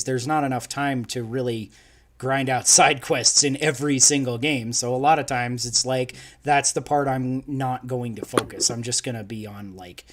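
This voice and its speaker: A young man co-hosting a casual podcast live stream, rambling and laughing as he talks, with frequent restarts. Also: mid-range voice. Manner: rambling, laughing, self-interrupting. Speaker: podcast co-host.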